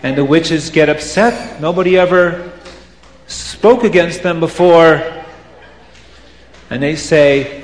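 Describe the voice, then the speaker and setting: A man narrating a folk tale for children in an animated, dramatic way. His voice is high, and he tells the story slowly. It echoes through a large hall with a long reverb tail. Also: a little hiss or hum.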